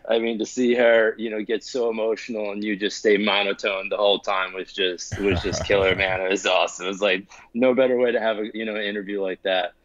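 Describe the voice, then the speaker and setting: A friendly man in his thirties calls in over an internet connection and chats easily with plenty of fillers. His voice sits on the low side. The sound is slightly muffled and dry. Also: little pitch movement, brisk, hardly any pauses, a bit bright, no echo. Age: 30s. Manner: friendly, easygoing, filler-heavy. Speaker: caller. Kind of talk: casual call-in chat. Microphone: internet call.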